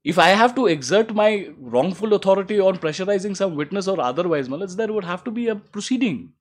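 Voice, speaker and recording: This man talks in an animated, slightly fast way as an advocate responding to the other side's counsel in court. His manner is formal and emphatic; "my lords" recurs through his argument, and his pitch climbs whenever he drives a point home.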